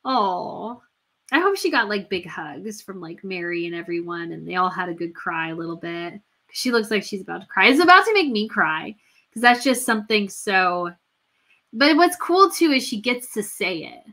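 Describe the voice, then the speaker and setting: A woman with a mid-range, bright, forceful voice hosts a casual royal news livestream, her pitch swinging widely at a normal speed. She gushes and chats, full of fillers and restarts.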